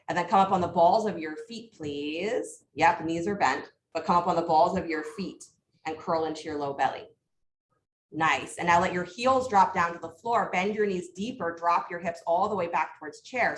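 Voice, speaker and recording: A woman leads a yoga class, calling out each pose and breath in short, brisk cues with steady praise. Her voice sits a little low and comes from some distance in an echoey studio, with a faint hum of room sound behind her. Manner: brisk cueing with frequent encouragement. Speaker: yoga teacher. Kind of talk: live yoga class instruction. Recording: echoey room, mic far off.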